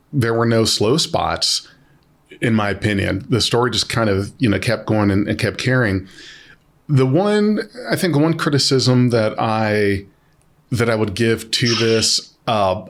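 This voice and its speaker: Low-voiced man musing hesitantly. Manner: thoughtful, hesitant, many fillers and restarts. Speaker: podcast co-host. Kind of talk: casual review chat.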